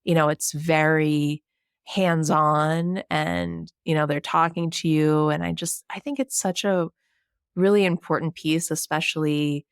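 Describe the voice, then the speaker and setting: Low, gravelly woman from New Jersey. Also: a little slow, no echo, studio quality. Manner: chatty, relaxed, many "you know"s. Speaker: podcast guest, writer. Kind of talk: casual podcast chat.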